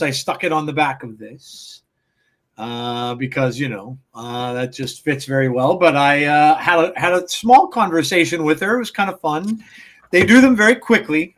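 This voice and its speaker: A man with a fairly high voice co-hosts a casual podcast chat. He rambles through anecdotes, full of uh's and restarts, and laughs at his own stories. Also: a bit bright. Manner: rambling storyteller with many fillers and restarts. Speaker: podcast co-host.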